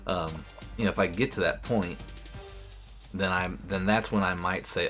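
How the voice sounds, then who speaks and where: A man's voice: sits low, normal speed, pauses often, fairly bright tone, soft background music. A young man streaming a sports video game, talking casually to himself, swearing freely and restarting his sentences. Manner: talks to himself while playing, swears often, restarts sentences. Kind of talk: casual gameplay commentary.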